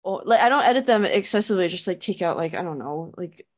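A woman's voice: on the low side, expressive, quick pace. Chatty young woman podcast host. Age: young adult. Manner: chatty, says "like" often. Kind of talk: casual conversational interview.

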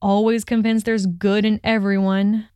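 An arrogant young wizard who sneers and mocks with a quick drawl, as a woman reading the story puts him on. The voice stays smooth and clear in a dry, close recording. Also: medium pitch, little pitch movement, mellow, no room sound, lightly acted. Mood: sneering.

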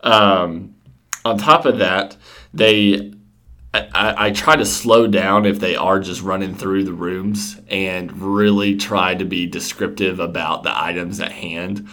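A man from Georgia co-hosting a tabletop gaming podcast, explaining things plainly in relaxed casual chat and laughing easily. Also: deep voice, slow. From Georgia, USA. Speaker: podcast co-host.

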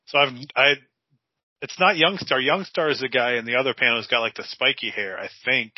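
A man co-hosting a podcast in casual chat, deadpan and sarcastic. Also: mid-range voice, fairly quick, no echo. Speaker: podcast co-host. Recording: dull lo-fi sound.

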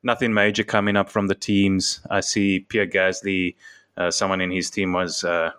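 Brief: lower-voiced man with a slight lisp, relaxed sports chat, laughs a lot. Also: normal speed, clear, resonant tone. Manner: chuckles often while talking. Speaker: podcast co-host. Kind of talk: casual chat.

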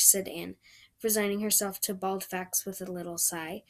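A woman narrating a storybook in a gentle, unhurried reading. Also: medium pitch, steady tone. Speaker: audiobook reader.

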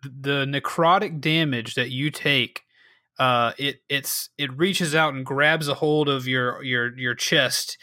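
A man's voice: medium pitch, steady tone, takes it slowly, pushed and bright, dry recording. A man running a tabletop game as game master, describing wounds and rules with frequent fillers.

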